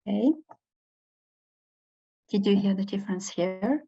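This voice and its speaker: A woman giving a university lecture, hesitant, with many pauses and fillers. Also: medium pitch, creaky, warm tone, husky. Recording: dull lo-fi recording.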